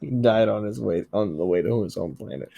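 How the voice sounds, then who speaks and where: A man's voice: on the low side, gravelly. A man co-hosting a podcast, chatting casually and profanely about wrestling, laughing and riffing on jokes. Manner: excitable, profane, quick to laugh and riff. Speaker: podcast co-host. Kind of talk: casual wrestling recap chat.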